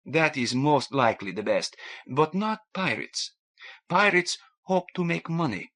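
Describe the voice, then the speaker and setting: A man's voice: fairly high pitch, animated, measured pace, fairly bright tone, voice pushed up. A man playing an idealistic accented ship's mate. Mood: earnest. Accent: foreign. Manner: precise, earnest, lecturing. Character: stocky male ship's mate, idealistic rebel.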